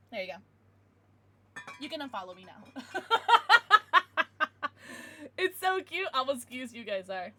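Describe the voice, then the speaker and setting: A woman's voice: fairly high pitch, very animated, slow, long pauses, pushed and bright, slight background noise. A young woman livestreaming, chatting casually and giggling with her chat, thanking followers.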